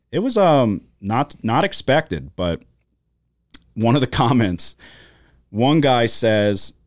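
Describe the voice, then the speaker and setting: A man's voice: on the low side, no room sound. A man co-hosting a studio podcast, telling stories in casual chat, swearing freely and acting out quoted voices. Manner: profane, animated storytelling with quoted voices. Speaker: podcast co-host.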